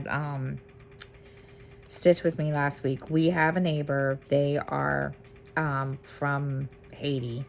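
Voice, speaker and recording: Slow, low-voiced woman chatting casually. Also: slight background noise. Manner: rambling, many ums and restarts. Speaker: cross-stitch vlogger. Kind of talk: casual chat to camera.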